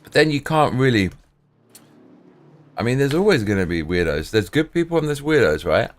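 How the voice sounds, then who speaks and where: A man's voice: mid-range voice, sing-song, normal speed. A man streamer telling rambling, profane stories in casual chat, full of restarts and swearing.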